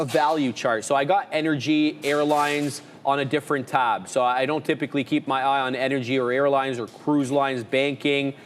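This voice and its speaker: A man's voice: medium pitch, in a large hall, slight background noise. A man co-hosting a live trading show, chatting casually and rambling through lists with filler words. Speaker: trader and co-host. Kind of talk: casual live market chat.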